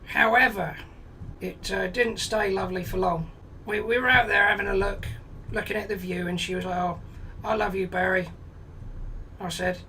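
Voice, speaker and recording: A man's voice: high voice, fairly even intonation, moderate pace, bright, forceful tone, recorded from a distance, slight background noise, poor audio. A man in his forties telling a blunt, sweary comic anecdote, exasperated and full of quoted dialogue. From England. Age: 40s. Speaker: comedy storyteller. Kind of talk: comic storytelling monologue.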